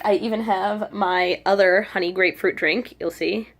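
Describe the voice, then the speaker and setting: A woman's voice: medium pitch, moderate pace. Woman vlogger rambling thru a story to her camera, lots of "like", acts out what she said. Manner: chatty, animated quoting of herself. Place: abroad in Korea, at home. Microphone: handheld camera.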